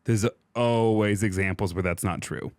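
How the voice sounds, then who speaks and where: A man co-hosting a podcast, casually explaining history in an animated, sarcastic way, swearing freely and acting out the people he quotes. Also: lowish voice, moderate pace, no echo, clean studio sound.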